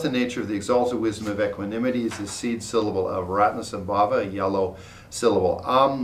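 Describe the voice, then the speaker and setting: A man teaching a class, reading a ritual text aloud and explaining it, pausing often with fillers and correcting himself. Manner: halting, many uh fillers and self-corrections. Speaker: Buddhist teacher. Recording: roomy, distant mic with faint rumble.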